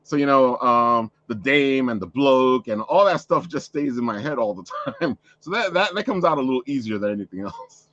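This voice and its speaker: A man's voice: mid-range voice, expressive, normal speed, hardly any pauses, fairly bright tone, lo-fi sound. A man hosting a casual chat, rambling with many restarts and frequent laughter. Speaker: podcast host.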